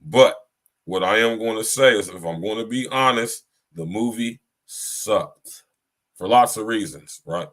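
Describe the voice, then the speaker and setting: A man's voice: lowish voice, moderate pace, a bit bright. Podcast host guy talking blunt and slangy, keeps saying you hear me. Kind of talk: casual chat.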